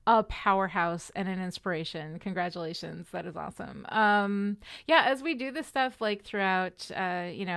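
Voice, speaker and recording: A woman's voice: mid-range voice, a bit bright, clear, resonant tone. A tired woman chatting casually with her live audience during a writing sprint, upbeat and full of fillers. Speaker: livestream host of a writing sprint.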